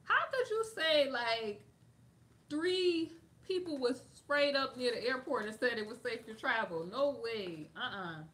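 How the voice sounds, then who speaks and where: Sassy black woman reading news and reacting, bright higher voice. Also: unhurried. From United States. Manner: sassy, animated, reads an article and comments on it. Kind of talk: casual commentary reading news aloud.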